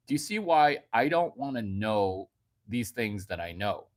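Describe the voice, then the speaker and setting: A man doing a brash stand-up monologue, jumping from hushed asides to sudden loud outbursts. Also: mid-range voice, animated, unhurried. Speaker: comedian.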